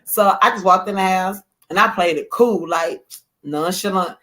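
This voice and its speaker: A woman telling a marriage story in relaxed conversation, with a voice that sits at a middle pitch. She brings the tale to life with quoted lines in other voices. Her delivery is loose and animated. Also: normal speed. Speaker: guest author. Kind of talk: casual storytelling chat.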